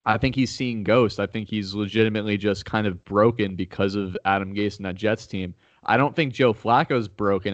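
A man with a low voice talks through his football picks in loose, rambling sentences, full of restarts. When challenged he turns heated and profane. The recording is dry and a little muffled. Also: no echo. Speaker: podcast host making game picks. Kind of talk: casual sports chat.

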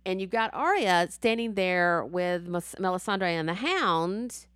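A woman in casual chat, excitedly recapping a TV episode, swearing freely and acting out the scenes. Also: on the low side, unhurried, dry recording, studio quality.

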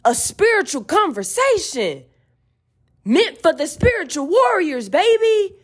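Woman host, high voice, fiery preachy rant full of swearing. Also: sing-song, unhurried. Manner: profane, fiery, preachy and emphatic. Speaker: podcast host. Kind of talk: emphatic spiritual rant.

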